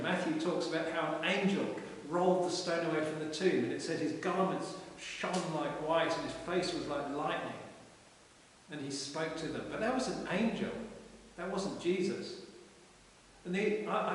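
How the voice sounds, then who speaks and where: A man's voice: high-pitched, normal speed. Man preaching in an echoey church. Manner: informal storytelling with frequent restarts. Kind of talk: conversational sermon. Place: parish church. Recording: echoey church hall from far off with hiss.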